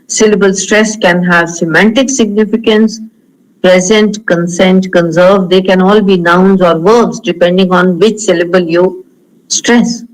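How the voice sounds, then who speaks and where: Man, Indian English accent, lecturer tone, high voice, measured with many uh's. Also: rough recording. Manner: measured, slows to model words, frequent fillers. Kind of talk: online lecture on pronunciation.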